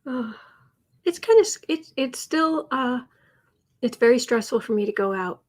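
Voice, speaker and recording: A woman with a husky, slightly breathy voice, pitched a touch high for a woman, hosts a casual livestream. She rambles and restarts her sentences, with plenty of fillers. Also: lively intonation, normal speed, darkish tone. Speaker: political tarot and astrology host.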